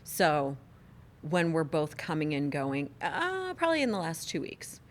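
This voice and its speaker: Chatty, teasing woman with a lowish voice. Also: wildly swooping pitch, a little slow, a little hiss or hum. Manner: chatty, laughs often, teasing. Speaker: podcast co-host. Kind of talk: casual chat. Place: studio.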